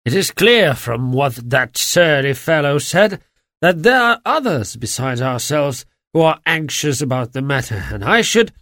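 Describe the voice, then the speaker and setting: A man voicing a shrewd, composed gentleman detective who speaks in a bland, measured way. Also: on the high side, sing-song, no echo, clean studio sound, full character voice. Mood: musing.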